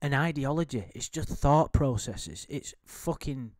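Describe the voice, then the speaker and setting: A man's voice: medium pitch, a little slow, darkish tone, dry recording, clean studio sound. Sweary, rambling man. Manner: sweary, rambling, frequent restarts and laughs. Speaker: commentator reading chat logs. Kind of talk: casual ranting commentary.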